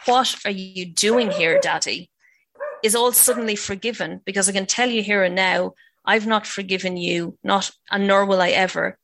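Woman voicing a sharp defiant young wife, cutting, gravelly edge. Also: mid-range voice, fairly even intonation, fairly quick, a little hiss or hum.

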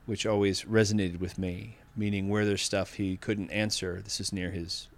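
A man's voice: fairly low pitch, little pitch movement, moderate pace, few pauses. A man in his fifties from Massachusetts, guest in an interview, talking in an earnest, thoughtful way and often restarting his sentences. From Massachusetts, USA. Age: 50s. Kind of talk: reflective conversational interview.

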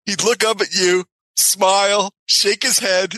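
A man from the United States, a guest telling a story in an animated way, acting out voices and laughing as he goes. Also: high-pitched, measured pace, dry recording, low-quality recording. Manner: excitable, acts out voices, laughs mid-story.

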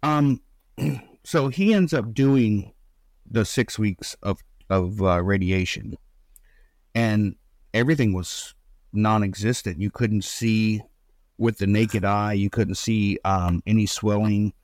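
A middle-aged man with a fairly low voice recounts a painful story, halting and rambling as he fights back tears. His voice sounds close and dry, with no room echo. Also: a little mellow. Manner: rambling, halting, with many restarts and fillers. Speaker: guest, bereaved father. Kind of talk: emotional personal storytelling in an interview.

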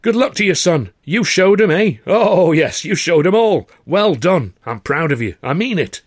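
Casting: narrator playing a proud, booming old porter dad, hearty and self-satisfied, pitched up and bright, dry close read. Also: male voice, expressive, moderate pace, breathy edge, no room sound. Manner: boastful, hearty, warmly proud. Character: proud jovial older male college porter, father. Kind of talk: audiobook character voice.

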